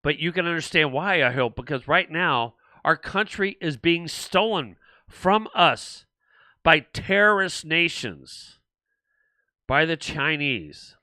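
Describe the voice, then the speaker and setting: A man's voice: fairly high pitch, animated, takes it slowly, pushed and bright, dry recording. An older man hosting a political livestream, rambling and indignant, with frequent restarts as he answers viewer comments. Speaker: livestream host.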